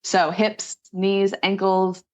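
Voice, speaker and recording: A woman's voice: mid-range voice, little pitch movement, takes it slowly, a little mellow. A woman strength coach explaining exercises step by step in a casual, upbeat interview. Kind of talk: conversational interview.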